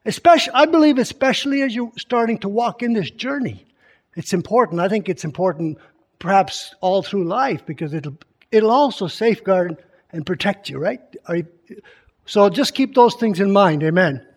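Guy with a high voice preaching to a church crowd, chatty, keeps asking the room questions. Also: lively intonation, normal speed. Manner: keeps quizzing the congregation with questions; reads scripture aloud with added emphasis. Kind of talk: conversational church teaching.

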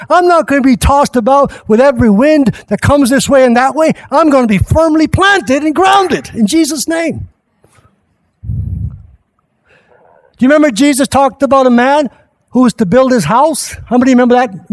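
A male pastor preaching a sermon at a church service, impassioned and rising at times to shouts. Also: extremely high pitch.

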